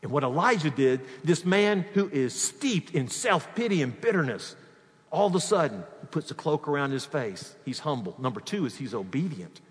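A male pastor preaching a sermon, swinging from loud emphatic peaks to quiet asides. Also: on the high side, very animated, normal speed. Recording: long reverb of a hall.

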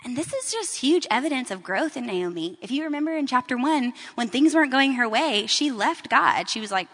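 A woman's voice: sits high, expressive, moderate pace, hardly any pauses, fairly bright tone. Woman teaching a Bible story, reverberant hall. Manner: casual, conversational storytelling with fillers.

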